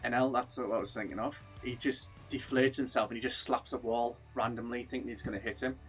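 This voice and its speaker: A man's voice: medium pitch, fairly even intonation, fairly quick, fairly bright tone, faint music behind. A man co-hosting a podcast, chatting casually and enthusiastically, rambling as he retells scenes. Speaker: podcast co-host. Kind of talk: casual chat.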